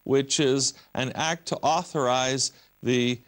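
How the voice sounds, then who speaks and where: A man's voice: medium pitch, steady tone, takes it slowly, a bit bright. An American man speaking as a guest in a broadcast studio interview. He argues passionately and emphatically. He stacks up examples and repeats words to drive each point home. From United States. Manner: passionate, emphatic, builds lists for effect. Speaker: interview guest, religious liberty advocate.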